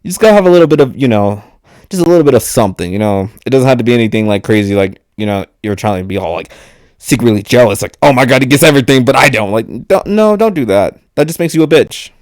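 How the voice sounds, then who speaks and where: A man's voice: on the low side, animated, fast, warm tone, dry recording. A young man rambling on a handheld mic, joking, swearing and laughing often, with lots of fillers. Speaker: vlogger. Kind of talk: rambling casual monologue to camera.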